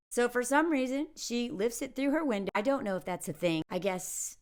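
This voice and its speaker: A woman's voice: fairly high pitch, normal speed, a little mellow. A woman reviewing a movie in a sarcastic, mocking tone, often switching into put-on voices to make fun of the characters. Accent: Southern American put on for jokes. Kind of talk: casual comedic movie review.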